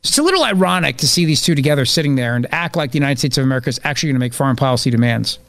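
A man's voice: mid-range voice, lively intonation, racing, gravelly, a bit bright. A man hosting a political talk radio show, riffing sarcastically on the news.

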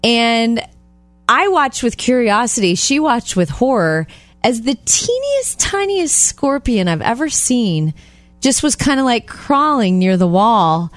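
A woman co-hosting a radio talk show, telling anecdotes in casual chat and acting out quotes in high voices. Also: takes it slowly, no room sound, soft background music. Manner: animated storyteller, acts out quotes in high voices. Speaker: co-host.

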